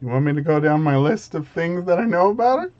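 A man's voice: fairly high pitch, lively intonation, fast talker, a little mellow, lo-fi sound. A man running a tabletop game, reading out rules and trading playful banter with his players. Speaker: game master.

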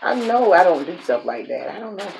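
Cooking at home on the grill, a mukbang vlogger chats casually to the camera, narrating her own steps and laughing at her mistakes. Her voice sits low with vocal fry. The recording is muffled, and a faint hiss runs under the camera mic.

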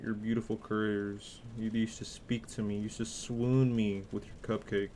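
A young man giving crude, joking let's play commentary while playing a horror game, swinging between yelling and muttering. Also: on the low side, little pitch movement, normal speed, a little hiss or hum. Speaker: gaming youtuber.

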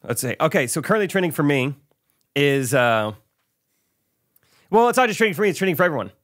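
Male podcast co-host, thirties, lively up-and-down delivery, deadpan teaser, dry mic sound. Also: on the high side, fast talker, no room sound. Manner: playful teasing, deadpan jokes. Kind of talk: casual chat.

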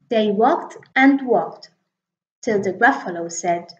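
Woman, storybook reader, animated, unhurried, echoey room, dull lo-fi sound. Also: mid-range voice. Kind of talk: children's story reading.

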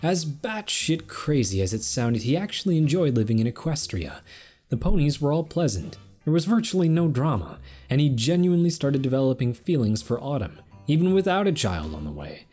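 Man, story narration, mellow dark tone, faint background music. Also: on the high side, big pitch swings, moderate pace. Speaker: story reader. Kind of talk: fan fiction reading.

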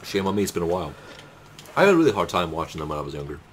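A man's voice: deep voice, rapid-fire, slight background noise. A man from Russia, co-hosting a gaming show and chatting casually with wry jokes. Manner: wry, joking, animated. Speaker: co-host.

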